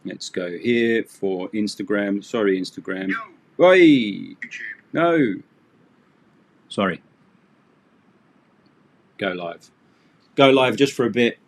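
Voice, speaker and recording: A man's voice: lowish voice, slow, pauses often. A man teaching English on a live stream, chatty and rambling, with self-deprecating asides.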